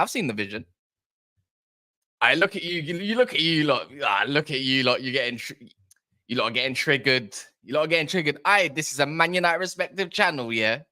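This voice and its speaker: A man hosting a casual football fan live chat, excitable and rambling, bantering with viewers' comments. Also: a little high, fairly quick. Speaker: football fan livestream host.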